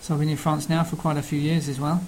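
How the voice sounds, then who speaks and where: Older Cockney man, halting and plain. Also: fairly high pitch, little pitch movement, slight background noise, rough recording. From London, England. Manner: halting, plain-spoken, pausing often mid-sentence. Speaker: television sports researcher. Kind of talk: casual self-introduction.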